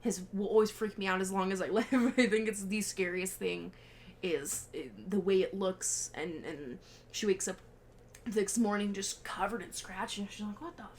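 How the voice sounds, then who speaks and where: A young woman co-hosting a podcast, casually recapping a film in an animated way, acting out the characters' lines and swearing freely. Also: mid-range voice, normal speed, slight background noise. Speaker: podcast co-host.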